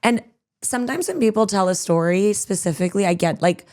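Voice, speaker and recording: Female podcast host; reactive listener, quick exclamations. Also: mid-range voice, expressive, a little mellow. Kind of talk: casual podcast chat.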